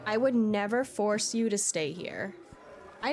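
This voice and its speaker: A woman's voice: mid-range voice, very animated, moderate pace. Giggly young woman streamer. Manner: playful, giggly, chatty. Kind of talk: live-stream chat while gaming. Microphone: desk mic.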